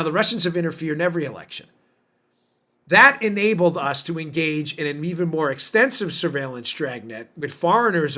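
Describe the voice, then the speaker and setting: Fired-up guy doing his political podcast, high bright voice, keeps asking are you serious. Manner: emphatic, indignant, rhetorical questions. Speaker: podcast host. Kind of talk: political commentary monologue.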